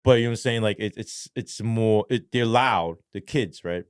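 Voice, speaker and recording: A man's voice: on the low side, moderate pace, clean tone, no room sound, studio quality. A man telling a story as a podcast guest in a casual, profane, slangy way, rambling with lots of fillers. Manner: animated, acts out quoted voices.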